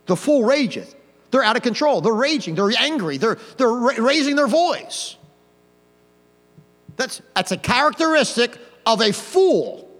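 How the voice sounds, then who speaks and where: Pastor, hellfire sermon, mocking asides; high, animated voice, big hall reverb. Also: male voice. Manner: swings from quiet to loud, mocking asides. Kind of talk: old-fashioned hellfire sermon.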